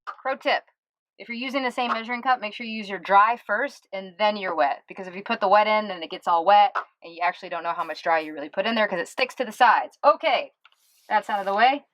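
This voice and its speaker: A woman's voice: mid-range voice, fast talker, muffled recording. A woman hosting a casual cooking vlog as a plant-based chef, upbeat and chatty, from the US East Coast.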